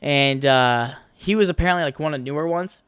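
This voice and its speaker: A man's voice: a little high, fairly quick, a bit bright, clear, resonant tone, no echo, clean studio sound. A young man hosting a casual solo podcast, rambling and swearing freely as he tells stories. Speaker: podcast host.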